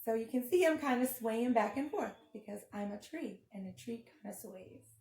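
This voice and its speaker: A woman preschool teacher gently talks small children through simple exercises. Her voice sits a little high, and the room gives it an echo. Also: lively intonation, moderate pace, vocal fry. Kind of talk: children's storytime and yoga lesson.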